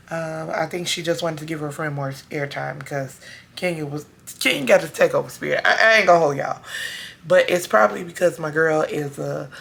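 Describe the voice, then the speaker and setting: Woman, hoarse, gravelly, low-pitched, sassy reality-TV recap vlogger. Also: fairly bright tone. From Chicago area. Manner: sassy, talks straight to her audience with slang. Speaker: TV show review vlogger. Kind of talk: casual chatty recap to viewers.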